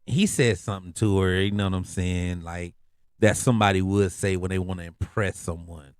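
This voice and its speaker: A man hosting a podcast in a relaxed, slangy storytelling voice that sits low. He circles back and repeats lines for emphasis. The sound is close and dry, with no room around it. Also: normal speed, no echo. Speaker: podcast host. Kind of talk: casual storytelling monologue.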